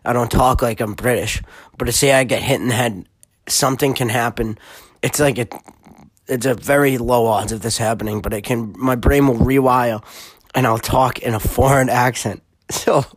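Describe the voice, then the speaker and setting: A man's voice: mid-range voice, fairly even intonation, moderate pace, no echo. A young man with a Boston accent, hosting a solo podcast in a rambling, profane, filler-heavy way. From Massachusetts. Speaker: podcast host. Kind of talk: casual solo podcast chat.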